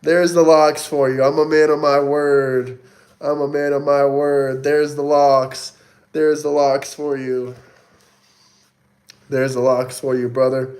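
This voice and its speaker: Reading super chats on his casual livestream, a sweaty, coughing host taunts commenters in a mocking way. He speaks slowly in a level, mid-range, slightly mellow voice.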